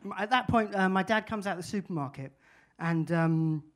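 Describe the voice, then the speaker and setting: A man's voice: high voice, fairly quick, fairly bright tone. A man, giving a wry, musing storytelling talk. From England. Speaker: speaker.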